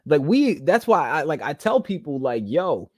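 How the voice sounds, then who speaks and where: A man's voice: fairly high pitch, very animated, moderate pace, no room sound, studio quality. A young man hosting a podcast monologue, rambling with many restarts and holding back tears. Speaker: podcast host. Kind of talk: casual monologue.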